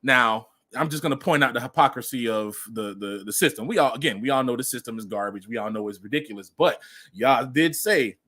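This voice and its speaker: A man's voice: mid-range voice, brisk, a bit bright. A man hosting a casual commentary show, speaking emphatically and repeating phrases for effect. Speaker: podcast host.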